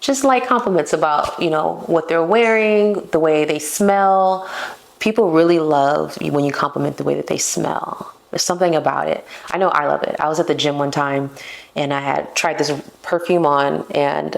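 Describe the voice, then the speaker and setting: A woman's voice: sits low, moderate pace, creaky. A young woman hosting a casual solo podcast, talking playfully and poking fun at herself. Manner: playful and self-mocking, laughs at herself. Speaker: podcast host.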